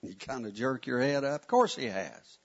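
Animated preacher, husky voice. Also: male voice, medium pitch, moderate pace. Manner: folksy, animated preaching with asides to the congregation. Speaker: pastor. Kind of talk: sermon. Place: church sanctuary. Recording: muffled lo-fi sound.

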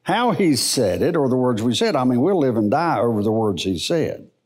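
A middle-aged man teaching the Bible in a church service, in a folksy, unhurried preaching manner. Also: medium pitch. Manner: slow, animated, folksy preaching.

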